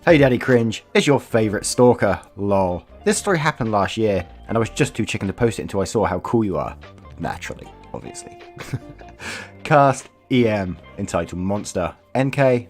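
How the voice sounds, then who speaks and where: A man hosting a channel, reading viewer stories aloud in a casual, chatty way, laughing often and swearing freely. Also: lowish voice. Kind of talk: casual read-aloud storytelling with commentary.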